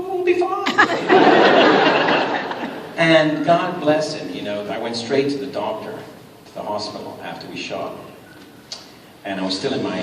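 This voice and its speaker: A man telling a lively anecdote to a convention audience and acting out the voices of the people in his story. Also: low-pitched, background noise. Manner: acts out quoted dialogue, frequent restarts. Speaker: guest speaker at a fan convention panel. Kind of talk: animated anecdote told to a live audience. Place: large convention hall. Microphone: fan camera far from the stage. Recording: roomy hall reverb heard from far off, loud ambience.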